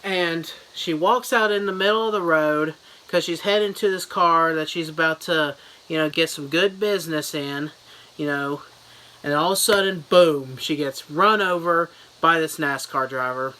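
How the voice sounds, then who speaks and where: A man's voice: fairly high pitch, normal speed, pushed and bright, rough recording. A man giving a goofy, rambling mock book review as a comedy vlogger.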